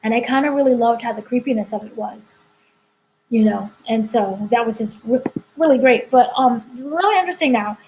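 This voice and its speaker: Woman editor yapping about a show, kinda high voice, lots of likes and you knows. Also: a little fast, highs cut off, a little hiss or hum. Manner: rambling and chatty, full of "like" and "you know". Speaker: entertainment editor reviewing a TV episode. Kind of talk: casual spoiler review chat.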